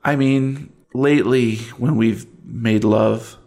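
A tipsy, sad young woman, played by a man confides in halting, broken phrases with a gravelly edge to the voice. She speaks in the ordinary middle of a man's pitch range, hesitant and drunk-sounding, in a tabletop game. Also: steady tone, darkish tone. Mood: confiding, sad.

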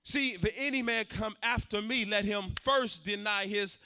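High, bright sing-song preacher man. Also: normal speed, clear, resonant tone. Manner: sing-song preaching cadence, swelling louder on key points. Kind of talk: sermon.

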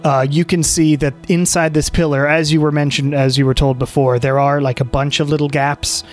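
A man narrating as game master in a relaxed, halting way, full of fillers, over faint music. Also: on the high side.

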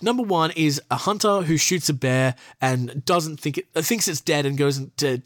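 Young male podcast host, casual solo commentary, sweary and exasperated, tone a bit high, dry close sound. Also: normal speed, no echo. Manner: sweary, exasperated asides between reading. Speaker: podcast host reading and reacting to a list.

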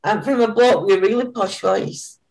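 A woman's voice: mid-range voice, moderate pace, darkish tone, low-quality recording. An older woman, a charity founder chatting as a guest on an interview podcast. She is plain-spoken, chatty and laughs often. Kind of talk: casual interview chat.

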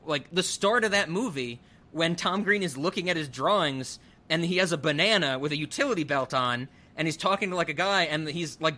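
Brief: young male podcast host, rambling and chatty, bright and slightly high. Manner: chatty, many fillers and quick asides. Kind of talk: casual chat.

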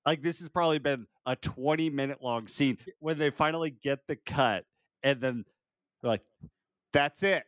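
A man's voice: medium pitch, moderate pace, dry recording, studio quality. A man co-hosting a podcast, chatting casually about a movie, laughing often and filling gaps with "like". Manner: relaxed, laughing often, fillers like "like". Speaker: podcast co-host. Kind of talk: casual movie review chat.

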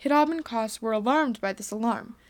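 A woman's voice: on the high side, a little fast. A woman earnestly reading a homemade space adventure story aloud.

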